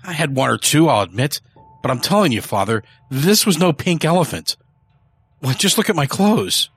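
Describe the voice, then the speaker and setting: A man's voice: a little high, big pitch swings, normal speed, a bit bright, husky, faint music behind, pitched above the performer's own voice, full character voice. A man voicing an arrogant, cruel rich young heir with a quavering voice that turns boastful and callous. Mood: agitated. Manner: pleading, quavering, then boastful.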